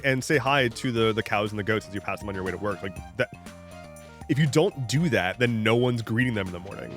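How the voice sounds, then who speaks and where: A man's voice: mid-range voice, fairly bright tone. A man live-streaming a farming game, chatting casually and jokingly to his viewers, rambling between tangents with frequent restarts and the odd swear. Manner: rambling, jokey, talks to chat. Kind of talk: casual live-stream chat while gaming.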